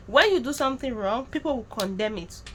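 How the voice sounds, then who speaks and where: A woman's voice: on the high side, lively intonation, fairly quick, slight background noise. A woman vlogger talking straight to her viewers, direct and scolding. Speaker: YouTube commentator. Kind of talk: vlog commentary to viewers.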